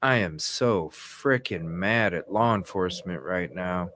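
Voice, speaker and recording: A man's voice: sits low, animated, measured pace, fairly bright tone, slight background noise. A man hosting a live news stream, talking in agitated, indignant bursts that ramble with restarts.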